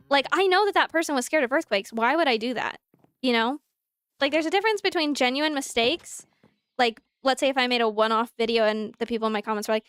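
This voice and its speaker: A woman's voice: sits high, brisk, clear, resonant tone, no room sound, studio quality. A young adult woman streamer chatting casually and animatedly, answering her chat while she plays. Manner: animated, talks through examples, answers chat.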